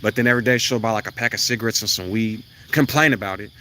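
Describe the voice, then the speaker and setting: A man's voice: fairly low pitch, fast, sharp tone, a little hiss or hum. A man delivering a blunt, profane, preachy monologue outdoors near his house. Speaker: self-styled spiritual vlogger. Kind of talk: ranting monologue to camera.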